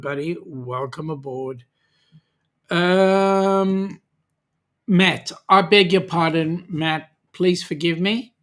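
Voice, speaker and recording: A man's voice: sits high, fairly bright tone. An Australian man hosting a casual livestream, reading out viewer comments and greeting each one in a friendly way, with lots of "um"s. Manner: slow, friendly, with many "um"s, greeting viewers by name. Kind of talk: casual live chat.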